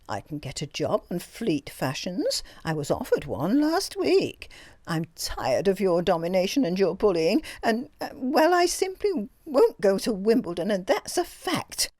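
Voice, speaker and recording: A woman reading an audiobook voices a timid young female secretary who turns petulant and stubbornly defiant, in a high, shrill voice. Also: very animated, measured pace, darkish tone, no room sound, studio quality. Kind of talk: audiobook character voice.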